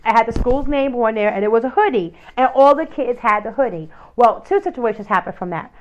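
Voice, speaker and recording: A woman hosts her own talk show in a fervent, opinionated monologue. She speaks with a fairly high voice, fires off rhetorical questions and fills her pauses with "you know" and "um". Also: lively intonation, highs cut off, a little hiss or hum. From United States. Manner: impassioned, rhetorical questions, many fillers.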